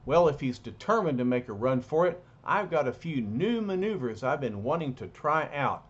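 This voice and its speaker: A man's voice: medium pitch, sing-song, moderate pace, breathy edge. A man voicing a boastful, joking giant male superhero, in a dull lo-fi recording. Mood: wisecracking. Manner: wisecracking.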